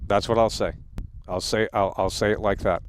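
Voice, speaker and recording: A man's voice: fairly low pitch, little pitch movement, moderate pace, slight background noise. A man in his thirties hosting a live stream, ranting in a heated, profane way and stumbling over repeated words. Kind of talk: angry livestream rant.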